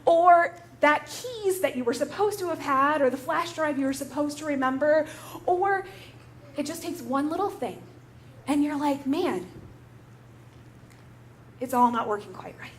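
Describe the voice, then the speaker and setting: A woman's voice: high voice, lively intonation, measured pace, long pauses, a little hiss or hum. A woman pastor giving a conversational sermon in a church, telling a story in a relatable way.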